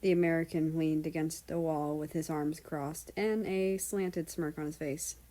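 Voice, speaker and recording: Woman reading a story, low-pitched. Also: measured pace, low-quality recording. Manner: even, storytelling. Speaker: story reader. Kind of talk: reading fan fiction aloud.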